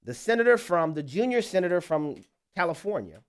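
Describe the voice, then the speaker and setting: Male radio host, scratchy hoarse voice, lively swooping delivery, laughs easily. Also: sits high. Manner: chuckling, loose and rambling with restarts. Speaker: radio talk show host. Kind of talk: casual radio talk.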